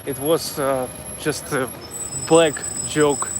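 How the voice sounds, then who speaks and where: Russian-accented guy vlogging outside, blunt opinions, halting english, faint street noise. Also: on the high side, steady tone. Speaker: vlogger host. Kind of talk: casual chat.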